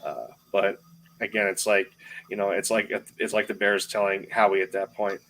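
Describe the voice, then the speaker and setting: A man in casual sports podcast chat, talking in a halting way and often repeating himself. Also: lowish voice, level tone, fairly bright tone, slight background noise, rough recording.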